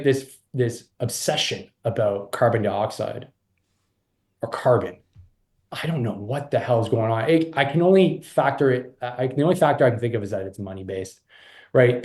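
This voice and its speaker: Guy on a podcast, fired up, restarts a lot, normal pitch. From Canada. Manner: animated and rambling, frequent restarts and laughs. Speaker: podcast guest. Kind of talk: casual interview chat.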